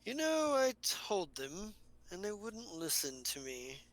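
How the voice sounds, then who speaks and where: A man's voice: high voice, sing-song, takes it slowly, a bit bright, voice pushed up, full character voice. A man voicing a wry, teasing older male informant who talks in a drawling, folksy way.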